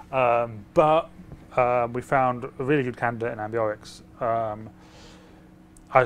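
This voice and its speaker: A game developer talking casually about a design, hesitant and full of fillers. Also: male voice, mid-range voice, slight background noise. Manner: hesitant, many fillers and restarts.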